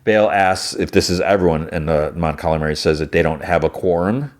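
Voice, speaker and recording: A man's voice: sits low, brisk. A man hosting a podcast, rambling casually through a recap with lots of "he's like" and restarts. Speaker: podcast host.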